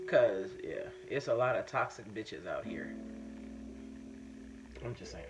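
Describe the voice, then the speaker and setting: A woman's voice: very deep voice, expressive, unhurried, music in the background. A woman hosting a live stream in casual chat. She tells her own stories candidly with plenty of swearing and reads viewer comments aloud. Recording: muffled lo-fi stream audio.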